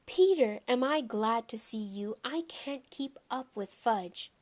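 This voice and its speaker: A woman's voice: a little high, expressive, slow, a little mellow. A flustered storybook mother, fretting over her toddler and hurrying through her words, as a woman reader plays her. The voice rises a little above the reader's own, anxious and breathless. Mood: fretful. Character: flustered, fussing young mother.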